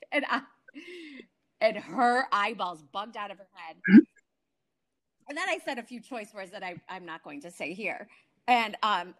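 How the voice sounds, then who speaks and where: A woman's voice: a little high, moderate pace. Woman telling her story with restarts. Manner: animated storytelling with many restarts. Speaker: guest. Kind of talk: emotional personal testimony. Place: home.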